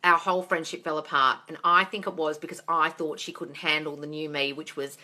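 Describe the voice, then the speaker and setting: A woman in her forties answering viewers' questions on a phone livestream at home, blunt and exasperated, swearing and often shouting. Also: deep voice, fairly even intonation, brisk. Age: 40s. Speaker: manifesting coach answering live questions.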